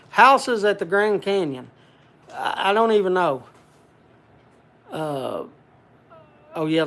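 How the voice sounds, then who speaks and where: A man's voice: high voice, fairly bright tone. An older man hosting a casual livestream, rambling in a folksy country way and answering viewer comments. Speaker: livestream host.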